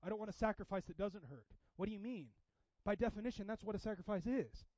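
A man preaching a sermon in a casual, animated way, with sudden loud bursts. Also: sits high, quick pace, no echo, highs cut off. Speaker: pastor.

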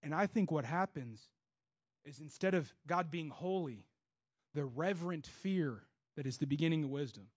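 A man preaching a sermon with passion, moving between loud bursts and hushed stretches. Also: on the high side, animated, normal speed. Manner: acts out God's voice and inner voices in quotes. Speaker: pastor. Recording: dull lo-fi sound.

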